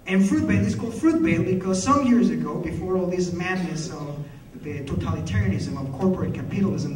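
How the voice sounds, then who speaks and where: Speaking from a conference stage, this man tells a story with real passion, his voice sitting high and slightly mellow. A far-off microphone catches him in the echoing hall, along with faint hiss or hum.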